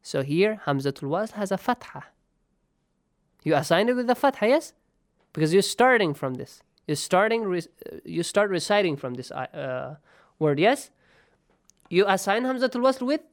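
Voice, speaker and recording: A man's voice: sits high, lively intonation, normal speed. A man teaching Quran recitation rules in a lesson, explaining patiently and checking understanding often. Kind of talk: online tajweed lesson.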